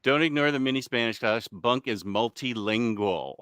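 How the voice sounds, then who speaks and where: A man's voice: medium pitch, normal speed, a bit bright, smooth, no echo, studio quality. A man hosting a casual livestream, chatting and reading out comments, laughing often and losing his train of thought. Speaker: livestream host reading chat. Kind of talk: casual live chat.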